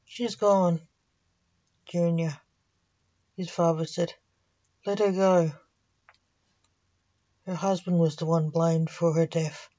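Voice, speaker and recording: A woman reading a story aloud in a slow, even storytelling manner. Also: lowish voice, muffled recording.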